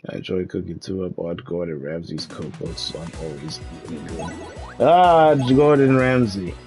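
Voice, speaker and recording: Young man, game streamer, laid-back slang, lively pitch, faint game music behind. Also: moderate pace. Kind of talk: casual gaming stream chat.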